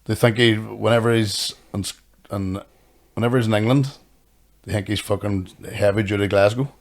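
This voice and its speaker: A Northern Irish man trades quick, crude jokes as a podcast co-host. His talk is loose and casual, full of swearing and laughter. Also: lowish voice, steady tone. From Northern Ireland. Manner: sweary, fast, joking banter. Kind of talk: casual chat.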